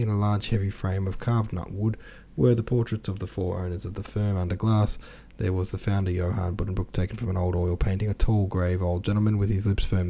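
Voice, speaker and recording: A man reading a classic novel aloud for a podcast, with quick asides of his own between passages. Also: fairly low pitch, dark tone. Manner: reads with quoted dialogue and brief asides. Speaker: podcast reader.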